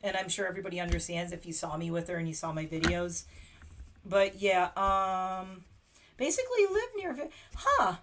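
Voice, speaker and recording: A woman's voice: on the low side, animated, normal speed, noisy background. A middle-aged woman from Pennsylvania, hosting a casual livestream chat, rambling and laughing often. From Pennsylvania, USA. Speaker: livestream host.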